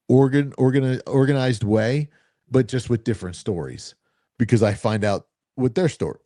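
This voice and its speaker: A man co-hosting a casual chat, telling self-assured, animated stories about selling. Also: mid-range voice, no echo, clean studio sound. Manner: animated, anecdotal, self-assured salesman talk. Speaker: co-host.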